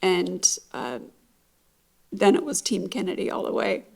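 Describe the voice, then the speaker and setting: A middle-aged woman recounts a painful stretch of her marriage in a reflective, halting way. She speaks slowly, with pauses and fillers between thoughts. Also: on the low side, big pitch swings, creaky, noisy background. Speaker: interview guest. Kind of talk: emotional personal testimony.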